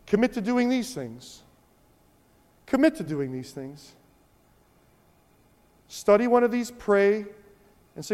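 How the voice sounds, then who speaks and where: Animated high-voiced male preacher, reverberant. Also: slow, long pauses. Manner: animated, repeats for emphasis. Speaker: pastor. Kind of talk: sermon. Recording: long hall reverb.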